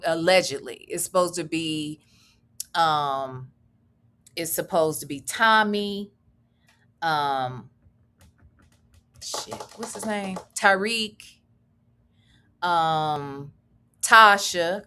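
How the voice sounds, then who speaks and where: A woman with a bright, forceful voice that swoops up and down as she talks, speaking. She chats loosely on a live reaction stream, reads viewer comments aloud and drifts between topics. Her tone stays casual, she swears freely, and she laughs as she goes. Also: medium pitch. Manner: chatty, wandering, swearing freely, laughing asides. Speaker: commentary vlogger reading live chat.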